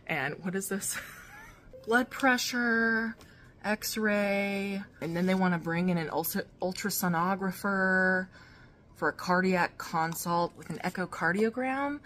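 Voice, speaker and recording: A woman's voice: lowish voice, a bit bright. A young woman and mother telling a story in a casual vlog, candid and emotional, rambling with fillers and restarts. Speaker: vlogger and mother.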